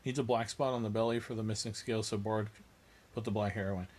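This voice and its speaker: A man with a fairly low voice talks casually through his painting livestream. He thinks aloud as he works and answers viewers with dry, self-mocking jokes. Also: steady tone, quick pace, darkish tone. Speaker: miniature painting livestream host.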